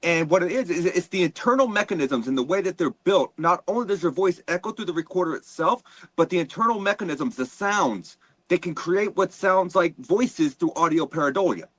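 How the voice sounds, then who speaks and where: A man guesting on a podcast in casual chat, explaining things in an earnest, measured way. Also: high voice, expressive, fairly bright tone, no echo, poor audio. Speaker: guest paranormal investigator.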